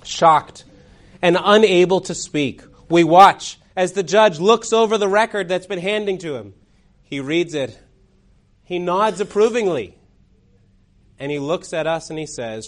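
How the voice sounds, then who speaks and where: A man preaching a sermon, telling a courtroom story dramatically, swinging between loud and hushed. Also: fairly high pitch, lively intonation, a little slow.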